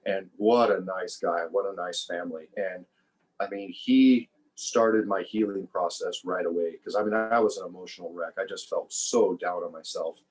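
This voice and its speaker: Deep-voiced man, reflective and relaxed. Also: normal speed, rough recording. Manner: relaxed, reflective, repeats words while thinking. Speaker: podcast guest, former survival show contestant. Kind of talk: casual conversational interview.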